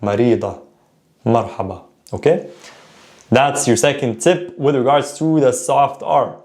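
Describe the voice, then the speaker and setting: A man's voice: mid-range voice, a little mellow. Casual man teaching pronunciation. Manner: repeats words slowly to model pronunciation; self-correcting, informal. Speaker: language teacher. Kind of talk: casual spoken lesson.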